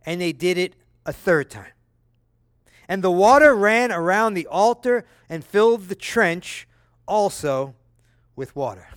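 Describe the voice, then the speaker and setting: A man delivers a sermon in a noticeably high voice, reading scripture with dramatic flair. He breaks in with casual, conversational asides that check in with his listeners. The sound is dry and close, with no room echo. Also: measured pace, smooth. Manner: dramatic, lively reading of quoted speech. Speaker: preacher.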